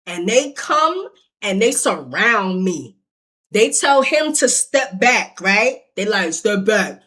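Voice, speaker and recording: A woman's voice: mid-range voice, big pitch swings, takes it slowly, sharp tone. A woman telling a personal story in casual speech, acting out the quoted lines and swearing freely. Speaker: storytime vlogger.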